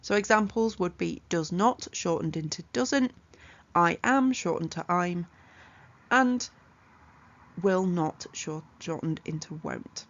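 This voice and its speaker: A woman teaching an exam revision lesson, explaining punctuation rules clearly and methodically with examples. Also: on the low side, lively intonation, takes it slowly, muffled recording. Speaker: English tutor.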